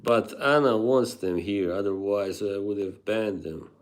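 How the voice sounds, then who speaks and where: A man's voice: on the low side, a little slow. A man live streaming, chatting casually with viewers, rambling, laughing often and reading chat aloud.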